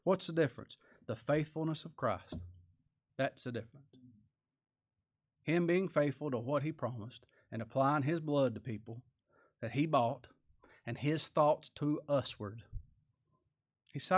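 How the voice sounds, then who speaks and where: A male preacher delivering a sermon in plain, folksy speech. He pushes some lines out loud and high, then drops to a low, quiet aside. His voice sits at an ordinary middle pitch. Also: measured pace, pauses often. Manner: folksy plain-spoken grammar, reads scripture aloud.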